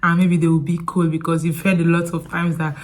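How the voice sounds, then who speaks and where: A woman with a thick Nigerian accent talks straight to the camera in a sit-down storytime vlog. She is chatty and animated and keeps wandering off into side stories. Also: lowish voice, brisk. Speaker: vlogger.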